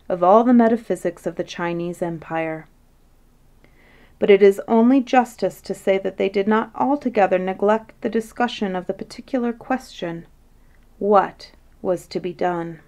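In a mid-pitched, gentle voice, a woman narrates a bedtime fairytale. She speaks in a measured way and holds an even, unhurried storytelling pace.

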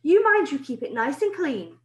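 A woman reading a storybook aloud, voicing a bossy elderly woman who talks in a high, insistent voice. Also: sing-song, moderate pace. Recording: roomy echo.

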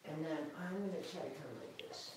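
Woman groomer, chatty, calm teaching tone, lowish voice, heard from off-mic in a very echoey room. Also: brisk, far from the mic, very noisy. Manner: chatty and calm, talks to the dog. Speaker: dog groomer. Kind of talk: live grooming demonstration.

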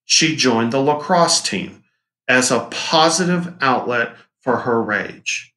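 Male teacher, casual and jokey, mid pitch, echoey classroom sound. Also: animated, slow pace, bright, forceful tone. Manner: casual, joking, acts out quoted lines. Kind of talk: recorded classroom lecture.

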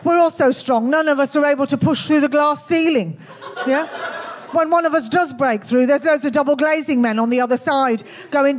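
A woman with a Birmingham accent performing a stand-up comedy set in a club, with a dry, deadpan, self-mocking delivery. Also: high-pitched, normal speed, noisy background. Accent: Birmingham English. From England. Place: comedy club with live audience.

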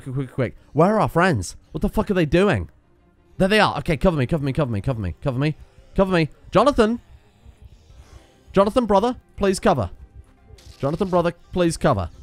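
A young man narrates his game run in a loose, chatty way, his pitch swinging wildly as he panics and yells at his companions. He swears freely. Faint music sits quietly underneath. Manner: excitable, swears often, yells at teammates. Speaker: gaming video host. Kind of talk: casual let's play commentary.

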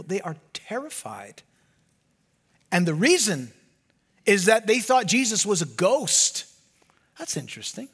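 A man preaching a sermon as pastor, animated and often dropping to a hushed low voice for emphasis. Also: slightly rough.

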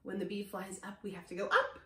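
A woman music teacher leading a children's lesson from home. She reads a story aloud and asks the children gentle questions. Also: medium pitch, little pitch movement, fast, echoey room.

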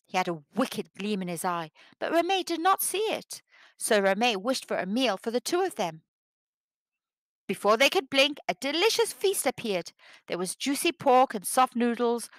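Storyteller, female, fairly high voice, animated delivery, dry close sound, children's read-aloud. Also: no room sound.

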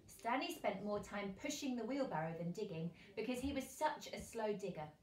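Expressive woman teacher reading a storybook. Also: a little high, echoey room. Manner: expressive reading, lively character voices. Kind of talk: storybook read-aloud for children.

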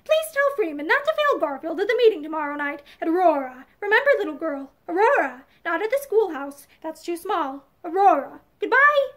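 A woman reading aloud as a friendly young countryman who talks loudly and laughs often. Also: very high voice, very animated, fairly quick, few pauses. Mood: hurried. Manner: boisterous, laughing, loud.

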